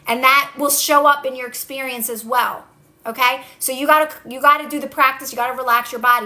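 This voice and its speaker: A woman on a phone livestream, coaching viewers in a casual way, repeating calm instructions and answering their comments. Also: high-pitched, a little fast. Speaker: manifestation coach. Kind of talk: casual TikTok live talk.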